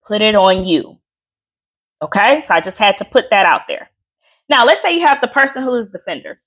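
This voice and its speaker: Animated woman coaching with lively swings. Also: mid-range voice, brisk. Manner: lively, animated, chatty with asides and laughs. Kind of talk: live workshop teaching.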